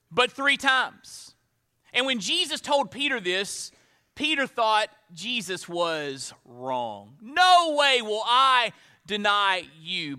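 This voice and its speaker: A pastor preaches in a high, very bright voice, pressing his points with lifted emphasis. Then he slows down and drops to hushed tones to let a line sink in.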